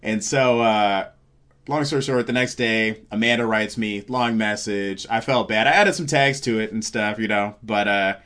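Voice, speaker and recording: A man's voice: on the low side, moderate pace. Guy telling a wild story on a podcast, swears a lot, acts out what people said. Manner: animated storyteller, acts out quotes, swears freely. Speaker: comedian guest. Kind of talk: casual storytelling chat.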